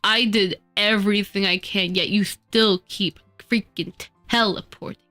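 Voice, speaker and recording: A woman streaming while she models in 3D, scolding her software in exasperated outbursts, her nose stuffy from a cold. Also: mid-range voice, fairly even intonation, unhurried, soft background music. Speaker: VTuber streamer. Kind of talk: casual live-stream chatter while 3D modeling.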